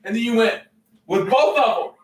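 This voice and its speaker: A man co-hosting a casual podcast among friends, excitable, laughing a lot and jumping into the story. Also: very high voice, normal speed, recorded from a distance. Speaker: podcast co-host. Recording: roomy, off-mic with faint background noise.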